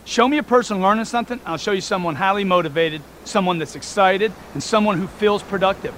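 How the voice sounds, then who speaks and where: High-voiced, punchy motivational man. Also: quick pace, a bit bright, slight background noise. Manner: emphatic, punchy, repetitive. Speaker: motivational speaker. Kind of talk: motivational audiobook talk.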